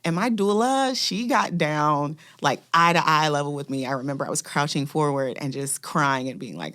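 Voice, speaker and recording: A woman with a low, deep voice speaks as a doula on a radio panel. She tells a personal story in a lively way, acting out the lines of the people in it. She is recorded in a radio studio. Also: normal speed, few pauses. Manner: lively storyteller who acts out quoted voices.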